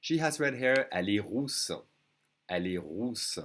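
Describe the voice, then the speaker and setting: A man's voice: fairly low pitch, animated, unhurried, a bit bright, slight background noise. A man with a French accent, a native speaker teaching a beginners' language lesson online, patiently repeating each phrase.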